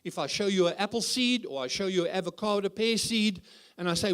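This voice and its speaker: A man's voice: high voice, a little fast, fairly bright tone, clear, resonant tone. A man preaching as a guest speaker at a church conference, humorous and full of rhetorical questions. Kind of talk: conference sermon.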